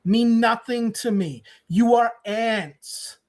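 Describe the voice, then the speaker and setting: A man's voice: extremely high pitch, takes it slowly. A man ranting on a stream clip, contemptuous, profane and boastful. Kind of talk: ranting on a livestream.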